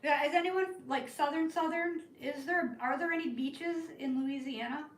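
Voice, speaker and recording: A woman telling a rambling story to her live chat from the northern United States, in an animated, chatty way. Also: high voice, normal speed. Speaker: live-stream crafting host. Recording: roomy, from a distance.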